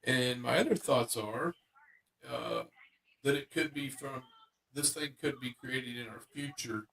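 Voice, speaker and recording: A man with a gravelly, creaky voice spins a long, rambling secondhand tale. He talks in a casual, conversational way, full of "uh" and "you know" as he goes. His pitch sits right in the middle for a man. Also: unhurried, a bit bright. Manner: rambling secondhand storytelling with many fillers. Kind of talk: casual storytelling chat.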